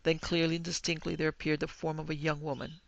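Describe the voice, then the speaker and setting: A male podcast host with a very gravelly, fairly high voice, narrating a ghost story in an even, measured way. His pitch stays flat, and the recording is dry and close to the mic. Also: muffled recording.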